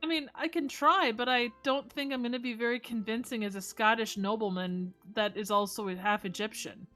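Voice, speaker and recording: American woman reading stream chat, high bright voice, giggly and playful. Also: steady tone, moderate pace, soft background music. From United States. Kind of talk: casual live-stream chat.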